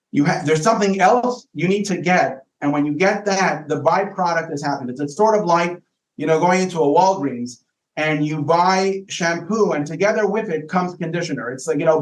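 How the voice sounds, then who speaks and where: A male rabbi explains ideas on a podcast in a thoughtful, conversational way. He often stumbles and repeats words while reaching for the next thought. His voice sits a touch high and rings around an echoey room.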